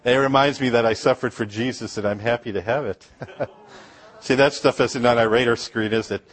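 A middle-aged man from Upper Michigan tells mission stories from the pulpit, joking and asking the congregation questions. His voice sits at an ordinary middle pitch, and he spins anecdotes with a preacher's easy humor. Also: a little fast. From Upper Michigan, USA. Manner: anecdotal storytelling with laughs and asides to the congregation. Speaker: missionary speaker.

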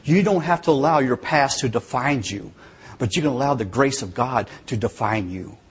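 A male preacher with a deeply husky, raspy voice at a middling pitch. He delivers his sermon in an earnest, dramatic storytelling way, leaning hard into key words. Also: moderate pace.

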